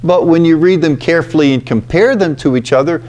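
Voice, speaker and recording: At a retreat house, a man gives a reflective talk on scripture, speaking deliberately and with emphasis and often checking in with "okay" and "you know." His voice sits on the high side with a darkish tone.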